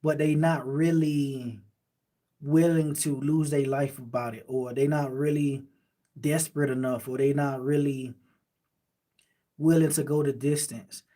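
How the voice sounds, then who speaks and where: A man's voice: fairly high pitch, fairly even intonation, a little slow, dark tone. A man with a Miami accent, casually chatting on a late-night livestream and answering viewer comments in a laid-back, rambling way. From Miami, Florida. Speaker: livestream host reading chat.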